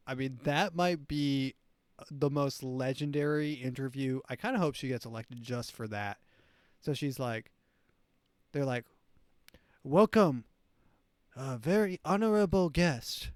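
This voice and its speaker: A show host reacts to clips with casual commentary, rambling, mocking, and restarting often. He speaks at an ordinary middle pitch, recorded close and dry with a clean tone and no room sound.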